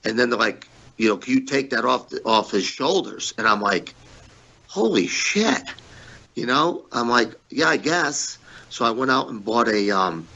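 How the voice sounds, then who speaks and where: A man's voice: mid-range voice, moderate pace, creaky, dull audio. A man telling blunt, profane stories as a guest in an interview, acting out the people he quotes. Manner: blunt, profane, animated when quoting others. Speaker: guest, former pro wrestler. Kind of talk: candid storytelling interview.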